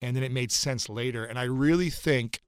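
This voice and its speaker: A man's voice: medium pitch, normal speed, clean tone, no echo, studio quality. A man in his thirties, a podcast guest, telling a personal story in an earnest, reflective way and repeating phrases for emphasis. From United States.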